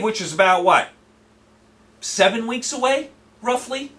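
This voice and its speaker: A man's voice: very high-pitched, lively intonation, unhurried, fairly bright tone, distant mic. A man hosting his own sports show, ranting brashly in a monologue, with a combative manner and lines repeated for emphasis.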